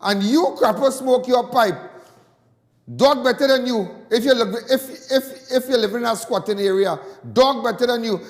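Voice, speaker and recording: A man's voice: very high voice, moderate pace, in a large hall. A Trinidadian man calling in to a talk show, ranting with passion and repeating his points indignantly. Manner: impassioned, repetitive, indignant. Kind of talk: call-in talk radio rant.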